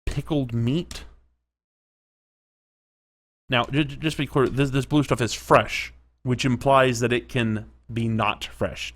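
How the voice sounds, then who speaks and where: A man's voice: mid-range voice, steady tone, takes it slowly, long pauses, fairly bright tone. A man narrating his own game play, chatting and reacting aloud, at times dropping to a whisper. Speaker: gaming commentator. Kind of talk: let's play commentary.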